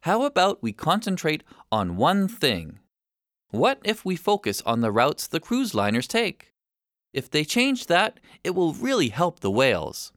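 A man's voice: fairly high pitch, wildly swooping pitch, unhurried, a bit bright, dry recording, studio quality, voice pushed up, full character voice. A man voicing a busy, impatient sixteen-year-old boy who explains things bossily.

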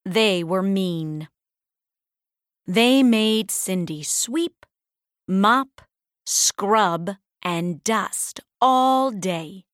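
A woman reading a children's fairy tale aloud, clearly and deliberately. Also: mid-range voice, no room sound, studio quality. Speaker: storybook reader. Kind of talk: slow read-aloud storybook narration.

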